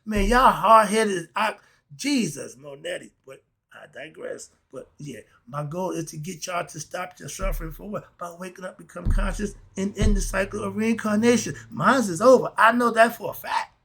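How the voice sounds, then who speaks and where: Middle-aged guy preaching philosophy, gravelly and kinda raspy, keeps asking "what?". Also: high-pitched, normal speed. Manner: preachy, rhetorical questions, excitable. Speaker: spiritual philosophy teacher. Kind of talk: spoken lesson.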